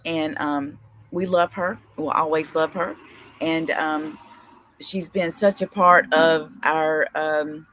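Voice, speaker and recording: A woman hosting a live recovery stream as a peer support host, teary and affectionate, rambling with many fillers. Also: on the low side. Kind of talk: casual live-stream talk.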